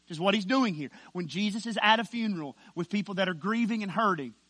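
A man preaching a sermon as pastor, emphatic, dropping to a hush and then rising loud with slow stressed words. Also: sits high, dry recording.

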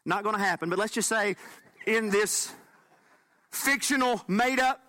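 A man pastor preaching a sermon, animated and folksy with bits of humor. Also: high-pitched, a little slow.

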